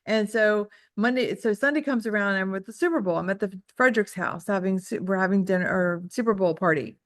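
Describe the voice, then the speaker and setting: A woman coaching a group in a loose, chatty way, full of "like" and candid self-deprecating asides. Her voice is mid-pitched for a woman. The sound is close and dry, with almost no room echo. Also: brisk. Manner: chatty storytelling, heavy use of "like". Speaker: real estate trainer. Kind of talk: casual group coaching talk.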